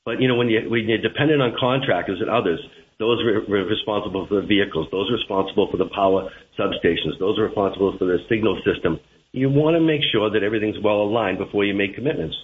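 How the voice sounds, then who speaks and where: Deep-voiced Boston man on a phone line. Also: quick pace. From Boston, USA. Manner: earnest, repeats words when searching. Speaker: radio interview guest. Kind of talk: phone-in radio interview. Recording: tinny phone line with hiss.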